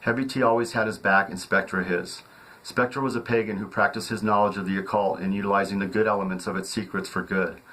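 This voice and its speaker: A man with a fairly low voice narrates his own novel as an audiobook. His reading is steady, with occasional slips and restarts. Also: low-quality recording.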